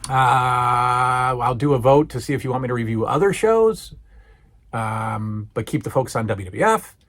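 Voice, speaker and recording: A man's voice: medium pitch, moderate pace, fairly bright tone. A man hosting a podcast, retelling a show in an enthusiastic, casual review and often restarting his words. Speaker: podcast host.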